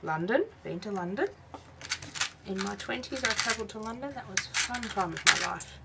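A woman's voice: medium pitch, animated, normal speed, creaky, heavy background noise. A woman, tired and yawning, chatting through a craft unboxing vlog and exclaiming over each little item. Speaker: craft vlogger.

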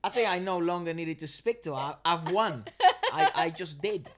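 A man's voice: a little high, moderate pace, a bit bright. A man co-hosting a reaction video, chatting casually and bantering with jokes. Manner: joking, bantering, laughs often. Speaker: co-host of a reaction channel. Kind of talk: casual chat.

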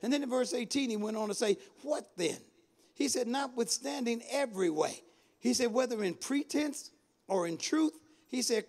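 A bishop preaching a Bible study sermon, swinging between loud calls and low drawn-out phrases and calling out to the congregation. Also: male voice, expressive.

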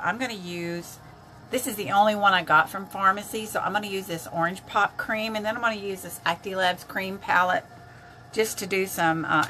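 A woman's voice: medium pitch, bright, forceful tone, slight background noise. An older woman chatting casually on a makeup live stream, greeting viewers by name as she works.

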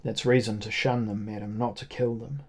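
A man reading a first-person novel aloud as an audiobook, at a measured, grave pace. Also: on the low side, little pitch movement, darkish tone. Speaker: audiobook narrator.

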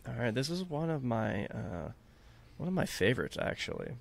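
A man hosting a casual podcast interview, chatty and quick to laugh. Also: medium pitch, sing-song, vocal fry. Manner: friendly, laughs often, asks playful questions. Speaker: podcast host.

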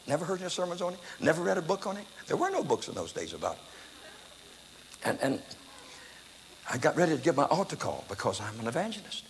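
An older man preaching a testimony sermon, telling his story in an animated, dramatic way that breaks into loud exclamations. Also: a little high, fairly quick. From United States. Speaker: evangelist preacher. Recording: echoey hall, faint background noise.

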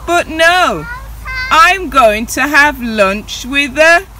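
A woman voicing a small, brave brown mouse in a family storybook reading, with loud, emphatic delivery. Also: high-pitched, expressive, very slow, background noise, full character voice. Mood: bold.

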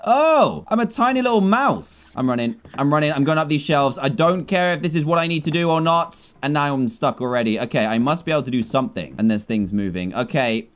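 A young man in his twenties who excitedly narrates his own moves while playing a video game, cheering out loud when he wins. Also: on the high side, brisk, hardly any pauses. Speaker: gaming YouTuber. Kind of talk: gameplay commentary.

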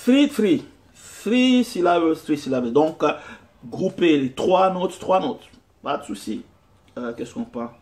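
Here a man's expressive, slightly high and somewhat mellow voice moves at normal speed as he gives a guitar lesson. His step-by-step explanation jumps between French and English, packed with fillers and false starts, over background guitar.

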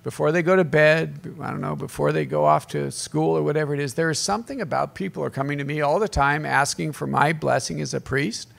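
A man's voice: a little high, fairly even intonation, fairly quick, vocal fry, hardly any pauses. A middle-aged man, a priest, giving a conference talk to a live audience, telling stories with humor and calling out to the crowd. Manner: conversational storytelling with humor and call-outs to the crowd.

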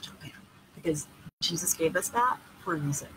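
A woman's voice: deep voice, animated, brisk, a little hiss or hum, poor audio. Blunt, profane woman hosting a live Q&A. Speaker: tour organizer and host. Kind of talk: casual live video Q&A.

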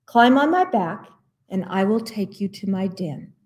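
A woman voicing a grown wolf who leads a pack, speaking in a calm, steady way in a children's story. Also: medium pitch, unhurried, lightly acted. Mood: kind. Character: grown male wolf, kind pack leader.

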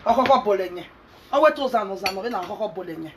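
A woman's voice: mid-range voice, lively intonation, rapid-fire, background noise. A Nigerian woman vlogger ranting angrily and scolding, mixing in pidgin. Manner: angry, scolding, mixes pidgin and Yoruba. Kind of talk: angry rant.

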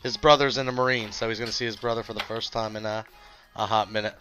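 A young man with a bright, forceful voice chats over a headset while gaming with his friends. He jokes, swears and teases his squadmates. Faint game music plays behind him. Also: lowish voice, steady tone, fast talker. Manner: joking, swearing, teasing squadmates. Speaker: streamer playing with friends. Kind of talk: casual gaming chat.

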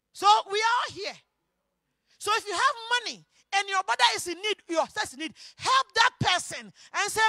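Woman pastor, very high bright voice, emphatic church sermon, loud-to-hushed swings. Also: dry recording.

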